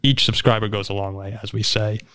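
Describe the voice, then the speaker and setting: A man's voice: on the low side, little pitch movement, brisk, sharp tone. A man hosting a casual sports podcast, steering the talk and asking viewers for likes and comments. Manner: upbeat, steers the show and asks for likes and comments. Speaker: podcast host.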